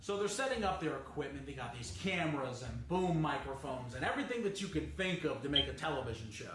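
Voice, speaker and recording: A man hosting a reaction video, telling a long backstory in a casual, animated way and often laughing mid-sentence. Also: mid-range voice, fast, roomy sound, a crowd in the background.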